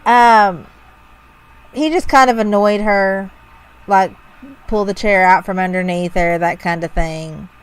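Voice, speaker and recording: A woman's voice: medium pitch, fairly even intonation, takes it slowly, long pauses, clear, resonant tone, rough recording. A woman co-hosting a podcast in casual chat, wry and self-deprecating as she retells odd news stories. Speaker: podcast co-host.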